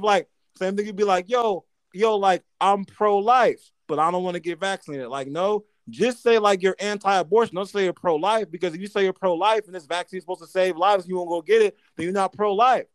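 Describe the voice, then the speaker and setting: A man co-hosting a podcast in casual chat, riffing through hypotheticals in an animated, profane way. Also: high voice, no room sound, poor audio. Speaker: podcast co-host.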